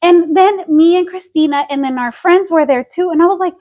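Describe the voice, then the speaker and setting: Podcast co-host, woman, high voice, animated storyteller acting out quotes; slightly muffled audio. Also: fairly quick. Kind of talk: casual gossip chat.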